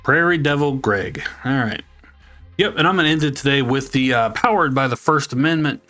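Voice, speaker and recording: A man's voice: mid-range voice, fairly quick, bright, forceful tone, faint music behind. A man hosting a commentary video, reading viewer comments in a sarcastic, exasperated way. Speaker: commentary channel host.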